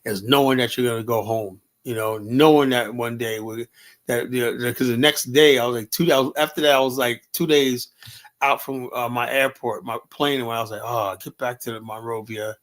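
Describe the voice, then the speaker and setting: A man hosting a loose, rambling livestream. He swears freely and fills his talk with "you know" and "man." His voice sits at an ordinary middle pitch. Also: fairly even intonation, a little fast, a bit bright. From United States. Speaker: livestream host.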